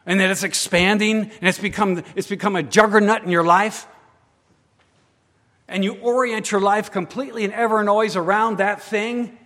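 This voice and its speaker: Male preacher, slightly high voice, dramatic delivery, long hall echo. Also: fairly bright tone. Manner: dramatic, voices the worried psalmist in first person. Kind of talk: sermon.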